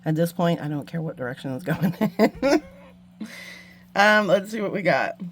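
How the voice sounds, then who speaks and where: A woman's voice: fairly low pitch, lively intonation, normal speed. A woman hosting a beading tutorial, chatting casually and mocking herself while she works, with muttered asides to the viewers. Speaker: beading channel host. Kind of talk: casual craft tutorial chat.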